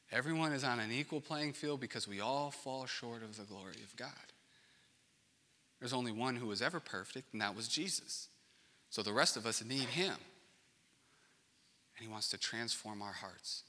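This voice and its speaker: A man preaching a sermon as pastor, earnest, moving between hushed and passionate delivery. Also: mid-range voice, normal speed, pauses often, in a large hall.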